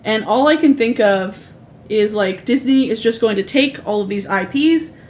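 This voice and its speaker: A woman's voice: a little high, lively intonation, moderate pace, darkish tone, a little hiss or hum. Chatty, rambling woman streamer in her thirties. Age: 30s. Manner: rambling, chatty, swears freely, self-correcting asides. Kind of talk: casual livestream chat. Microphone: streaming microphone.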